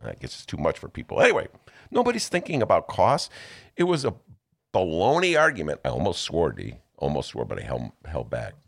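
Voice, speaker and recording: A man hosting a political talk show, sarcastic and animated, laughing often as he comments. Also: deep voice, a little fast, creaky.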